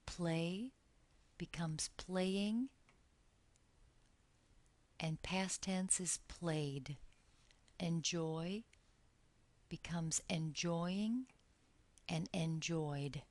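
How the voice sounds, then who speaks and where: A woman teaching an English grammar lesson in a slightly low voice. She talks very slowly and deliberately, drawing out each example word so it can be followed. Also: darkish tone, dry recording.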